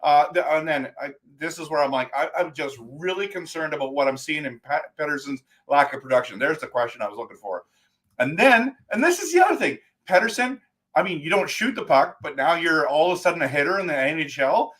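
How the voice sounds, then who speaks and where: A man hosting a live post-game stream, ranting in an animated, exasperated way about a hockey game. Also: on the high side, brisk. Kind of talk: post-game fan talk.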